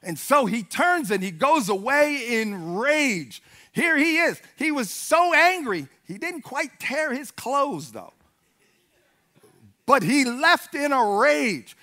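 A man preaching a sermon with fervent energy, rising to shouted peaks and acting out the voices of Bible figures. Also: very high voice, big pitch swings, takes it slowly.

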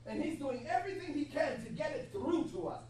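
Woman preaching a lively sermon, high voice, heavy echo, heard from far off. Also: brisk. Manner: animated, laughing, acts out God's voice. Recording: echoey hall from far off, faint hum.

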